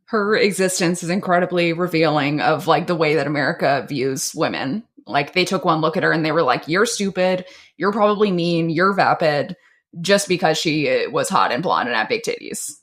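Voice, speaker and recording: A woman's voice: low voice, a little fast, hardly any pauses, fairly bright tone. A woman co-hosting a podcast, chatting casually in a blunt, gushing way and swearing freely. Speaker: podcast co-host. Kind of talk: casual chat.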